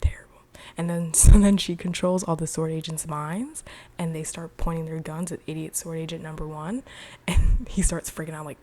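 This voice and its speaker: A woman giving a casual, chatty recap of a TV episode, animated and full of slang. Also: deep voice, normal speed. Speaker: TV show reviewer.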